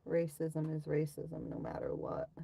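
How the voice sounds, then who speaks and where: A woman's voice: low voice, sing-song, unhurried, creaky, mellow, slightly rough. A young woman chatting casually on a livestream, blunt and profane as she rants and reads comments. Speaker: livestream host.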